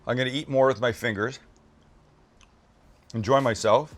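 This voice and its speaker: A man's voice: mid-range voice, steady tone, moderate pace, soft background music. A man hosting a casual cooking show. He gushes over the food with exclamations and chats with his crew as he builds a dish. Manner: gushing, exclamatory praise of food; chatty asides to crew.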